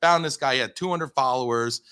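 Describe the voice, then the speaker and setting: A man in his thirties from the United States, telling a story as a podcast guest, animated and full of fillers, acting out his own quotes. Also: medium pitch, a little fast, smooth. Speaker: podcast guest, company founder. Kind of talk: casual storytelling in an interview.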